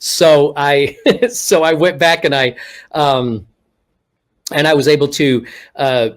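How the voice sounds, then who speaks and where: Speaking slowly in a somewhat high voice over a video call, a ventriloquist guest tells stories in a casual interview. He's animated, acting out what people said along the way. He grew up in Texas but has no regional accent.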